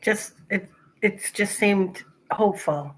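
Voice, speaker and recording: A woman's voice: medium pitch, slow pace, slightly rough, poor audio. Hesitant woman sharing in a group call. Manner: hesitant, searching for words. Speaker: participant in a group session.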